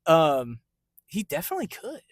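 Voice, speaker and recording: A man co-hosting a movie podcast in casual chat, animated and quick to laugh. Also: a little high, no echo. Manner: animated, excitable, laughs easily. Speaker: podcast co-host. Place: in a parked car.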